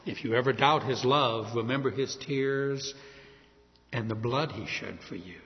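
A man preaching a sermon as pastor, expressive, with emphatic rises and slow, weighty pauses. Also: medium pitch, slightly rough. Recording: muffled hall reverb.

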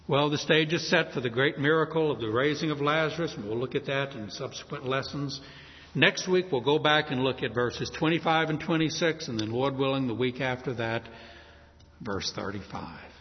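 Husky pastor preaching in a reverberant hall. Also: male voice, on the high side, muffled recording. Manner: expressive preaching, rising emphasis and slow pauses. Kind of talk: sermon.

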